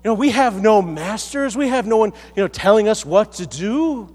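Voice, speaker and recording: A man's voice: high voice, expressive, normal speed, a little mellow. An American man preaching a sermon in a large hall, conversational and self-deprecating, with frequent restarts. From United States. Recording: echoey hall.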